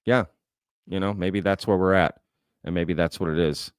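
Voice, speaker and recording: Low-voiced man hosting livestream. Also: steady tone, normal speed, clean tone, dry recording, studio quality. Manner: conversational, thinking aloud with frequent "right?" and "um". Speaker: host. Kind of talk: livestream Q&A, reading chat comments.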